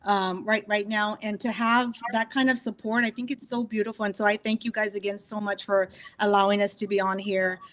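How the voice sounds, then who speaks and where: A woman's voice: mid-range voice, flat delivery, fairly quick, hardly any pauses, fairly bright tone. A woman from Texas, a guest musician chatting casually in a radio interview and telling stories with frequent laughter. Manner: chatty storyteller, laughs often.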